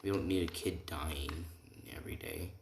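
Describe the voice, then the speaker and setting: A man's voice: deep voice, normal speed, gravelly, far from the mic, background noise. A man voicing a blunt, dismissive older male swordsman mentor in a curt, offhand way. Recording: echoey room, faint keyboard typing.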